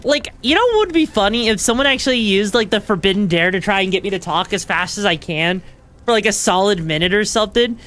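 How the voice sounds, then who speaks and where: A woman's voice: medium pitch, expressive, quick pace, a bit bright. A woman streamer chatting casually and rambling while she plays a game. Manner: rambling, chatty, lots of fillers. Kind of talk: casual gameplay commentary.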